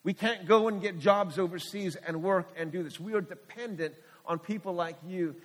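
Earnest higher-voiced middle-aged preacher in a reverberant hall. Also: male voice, normal speed. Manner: earnest, candid storytelling with frequent restarts. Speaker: missionary pastor. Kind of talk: sermon testimony.

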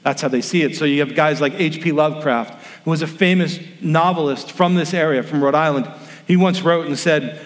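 Pastor preaching in a reverberant hall. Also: male voice, medium pitch, fairly even intonation, fairly quick. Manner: storytelling, acts out quoted voices. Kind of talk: sermon. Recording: long reverb of a large room.

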